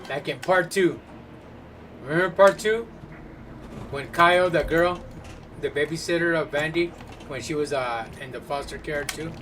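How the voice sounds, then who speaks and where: A man's voice: a little high, moderate pace, long pauses, a little hiss or hum. A man casually commenting on a pinball game, cursing and laughing. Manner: profane, laughing, animated. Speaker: gamer. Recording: distant mic with loud game music.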